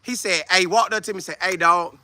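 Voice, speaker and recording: A man in his twenties, hosting a casual football show, talking loudly and boastfully with lots of energy. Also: high voice, fast, dry recording. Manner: loud, trash-talking, animated. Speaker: show host, football player. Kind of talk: casual livestream chat.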